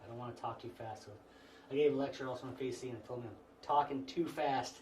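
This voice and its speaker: A man's voice: medium pitch, quick pace. A man giving an informal spiritual lecture to a small group, talking conversationally with frequent restarts. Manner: relaxed, conversational, frequent restarts and "you know". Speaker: class instructor. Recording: echoey room, mic far off, faint noise.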